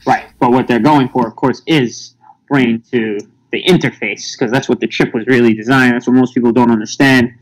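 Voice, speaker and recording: A man's voice: medium pitch, steady tone, moderate pace, poor audio. A man in casual podcast chat, talking in an emphatic, insistent way. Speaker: podcast guest.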